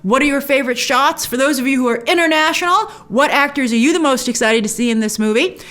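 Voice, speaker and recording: A woman hosting a trailer breakdown show in casual commentary, chatty and enthusiastic, often jumping into high excited remarks. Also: fast.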